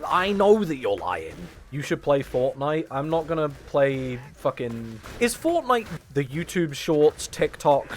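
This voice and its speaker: A man streaming to his chat, hyper and rambling, swearing often, jumping between loud high bursts and low mutters. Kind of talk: casual stream chatter.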